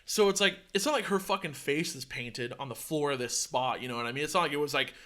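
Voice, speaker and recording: A young man hosting a podcast, telling a story in a casual, profane, animated way. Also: fairly high pitch, fast talker. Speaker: podcast host.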